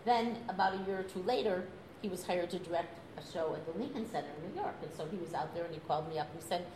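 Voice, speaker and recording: Animated older woman telling a story, echoey. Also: lowish voice, quick pace. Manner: animated, laughs through the story, acts out quotes. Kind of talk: casual anecdote telling. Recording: echoey room with noise.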